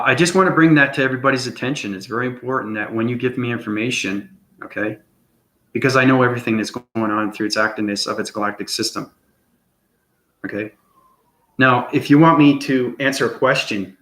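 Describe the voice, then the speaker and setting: A man's voice: mid-range voice, bright, forceful tone. A man giving an unscripted spiritual monologue as channel host, rambling and tagging lines with "okay?". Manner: rambling, repeats "okay?" often. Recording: echoey room.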